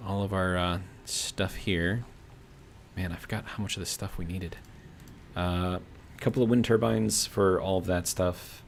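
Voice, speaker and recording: A man's voice: sits low, fairly even intonation, measured pace, gravelly, slight background noise. An American man casually commenting on a video game he plays and reading out chat messages, rambling with lots of fillers. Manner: rambling, thinks aloud with many fillers. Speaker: streamer.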